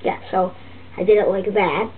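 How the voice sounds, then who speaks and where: A woman voicing a fussy, griping turtle puppet teacher, rambling and halting with many restarts. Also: mid-range voice, fairly even intonation, natural voice. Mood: grumbling. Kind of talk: comic puppet vlog monologue. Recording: tinny lo-fi phone-like audio with faint hiss.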